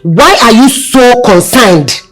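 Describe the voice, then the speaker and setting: A woman's voice: a little high, lively intonation, slow pace, music in the background. An actress with a Nigerian accent playing a middle-aged village mother who questions and scolds her daughters. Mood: questioning. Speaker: mother, Mama. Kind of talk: Nollywood film acting.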